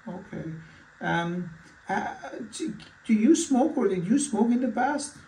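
High-pitched and warm, this man's voice moves with lively intonation though he speaks slowly, portraying a physician in a mock consultation. His talk is halting and full of fillers and restarts, recorded distantly in an echoey room with slight background noise.

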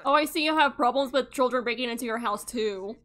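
A woman giving casual gameplay commentary, excitable and cursing freely, often laughing and shouting in mock outrage. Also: fairly high pitch, fast. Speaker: gaming YouTuber.

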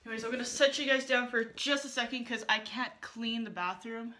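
A woman's voice: a little high, steady tone, a little fast, heavy background noise. A young woman chatting casually to her viewers while she does chores, a bit out of breath. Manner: chatty, self-deprecating, addresses viewers directly. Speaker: vlogger. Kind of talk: casual vlog chat. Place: at home, then in a car. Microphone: phone camera on a selfie stick.

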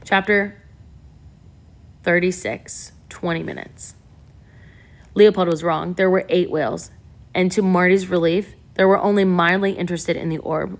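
A woman narrating a novel aloud in a steady, even reading style. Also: fairly low pitch, moderate pace. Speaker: audiobook narrator. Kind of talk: scripted narration.

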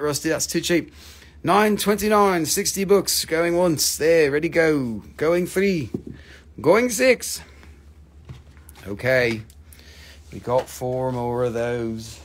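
A man's voice: fairly high pitch, lively intonation, slow, creaky. A man hosting a live mineral sale in casual, joking patter, teasing his viewers and swearing now and then.

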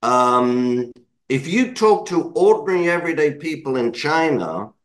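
A man's voice: a little high, expressive, a little slow, poor audio. A British man answering interview questions in a digressive way, correcting himself and adding apologetic asides. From Britain. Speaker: interview guest, market commentator.

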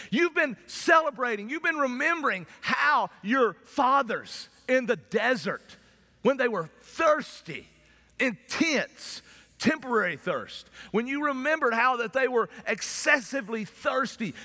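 A pastor preaching a sermon in a conversational way, at times breaking into loud shouts. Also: male voice, very high-pitched. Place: church sanctuary. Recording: long church hall reverb.

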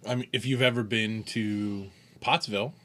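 Tasting beer on a podcast he co-hosts, a man rambles casually, chuckling, restarting and correcting himself. His voice leans low, fairly bright and steady, at a moderate pace.

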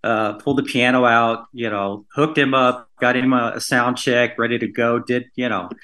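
A man's voice: medium pitch, fairly even intonation, normal speed, sharp tone. A man, a podcast guest, telling a long story in a casual, rambling way, full of fillers and restarts.

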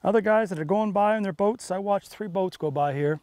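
A man hosting a fishing show from a boat on a lake, talking in punchy, excitable, salesy bursts. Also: high voice, a little fast, no echo. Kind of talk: on-the-water fishing commentary.

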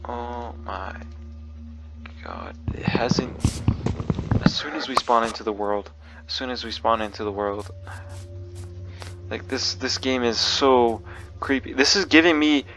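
A man's voice: mid-range voice, measured pace, pauses often, fairly bright tone. A man giving spooked gameplay commentary, jumpy and nervous, often repeating himself. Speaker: gaming video creator. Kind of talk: horror game commentary.

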